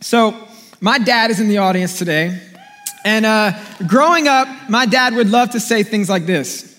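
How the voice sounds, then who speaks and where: A young male pastor with a notably high voice preaches to his congregation, spinning a funny, animated story and calling on the room to respond. His voice rings out with the long reverb of a large church hall. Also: moderate pace. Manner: animated storytelling, playful and jokey, calls out to congregation. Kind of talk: sermon.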